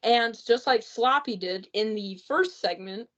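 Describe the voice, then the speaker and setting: A woman's voice: a little high, a little slow, a bit bright, highs cut off. A woman giving a rambling, exasperated spoken movie review, full of fillers and restarts.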